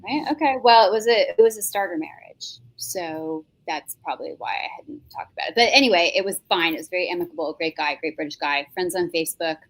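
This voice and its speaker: A woman with a New York accent hosting an interview in a chatty, joking, expressive way. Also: fairly low pitch, fairly quick, hardly any pauses. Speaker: interviewer and show host. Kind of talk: casual conversational interview.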